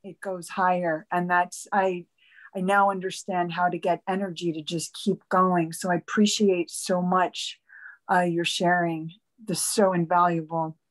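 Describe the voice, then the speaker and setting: A woman student thanking her teacher, speaking hesitantly with pauses and fillers. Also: on the low side, little pitch movement, rough recording. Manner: hesitant, grateful, halting with fillers. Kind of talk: question in class.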